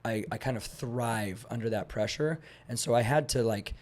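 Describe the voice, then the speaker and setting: A young adult man chatting as a podcast guest at a mid pitch. He tells stories with lively energy and acts out what people said. He wanders a bit, restarting sentences as he thinks aloud. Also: moderate pace. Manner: animated storyteller, acts out dialogue; rambling with frequent restarts and fillers. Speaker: guest, fitness instructor. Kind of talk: casual podcast conversation.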